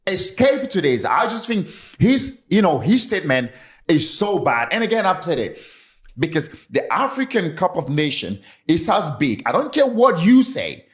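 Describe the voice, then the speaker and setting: A man's voice: high voice, very animated, normal speed. A man, a former footballer, speaking angrily and emphatically as a guest in a studio discussion. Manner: angry, emphatic, repetitive.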